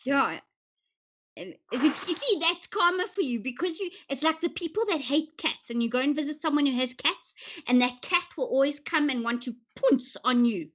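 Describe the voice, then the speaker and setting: A woman's voice: high voice, animated, a bit bright, dull audio. Chatty woman hosting with many ums. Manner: chatty, many ums, quick question-asking. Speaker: interview host. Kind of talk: casual chatty interview.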